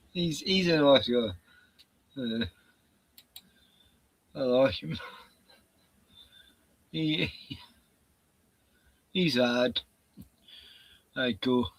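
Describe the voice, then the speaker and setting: An Australian-accented man rambles casually on a live stream, laid-back, swearing and chuckling often. His mid-range voice is very slow with long pauses, and the recording is dry.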